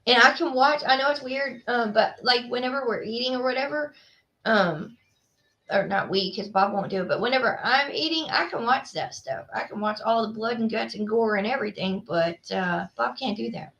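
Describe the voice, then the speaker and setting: A woman hosts a casual livestream, rambling through stories with plenty of ums and likes. Her voice is bright and a little high. She chats easily with her viewers. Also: normal speed, muffled recording. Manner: chatty, rambling, many fillers. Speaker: livestream host. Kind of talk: casual chat with live viewers.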